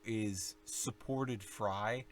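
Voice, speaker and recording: Speaking extremely slowly, a young man who teaches singing walks through low vocal techniques in a laid-back tutorial. He demonstrates growls and vocal fry, wandering off topic and correcting himself along the way.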